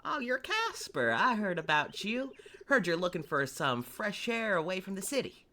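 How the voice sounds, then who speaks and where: A woman's voice: mid-range voice, sing-song, normal speed, pushed and bright, slight background noise, pitched above the performer's own voice. Woman doing a twangy Southern farm boy. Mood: welcoming. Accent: put-on American Southern twang. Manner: silly drawling twang. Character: friendly laid-back young male farmer, sweet and easygoing.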